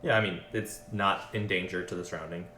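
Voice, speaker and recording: A man narrating as game master for an online tabletop game, his voice sitting fairly low. He talks in a loose, casual way, full of fillers and quick apologies. The sound carries a noticeable roomy echo. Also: fairly even intonation, pushed and bright, slight background noise.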